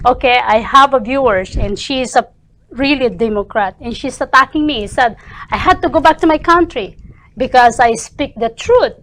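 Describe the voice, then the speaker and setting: A woman's voice: sits high, normal speed, a bit bright. A woman with a voice, speaking in passionate, indignant bursts on a talk show. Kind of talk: heated political opinion.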